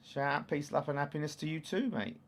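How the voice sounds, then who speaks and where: A man's voice: on the high side, fairly even intonation, brisk, slight background noise. Chatty East London man hosting a watchalong. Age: 30s. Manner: chatty, reads out viewer comments, erupts into loud shouts at chances. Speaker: livestream host. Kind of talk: casual football watchalong chat.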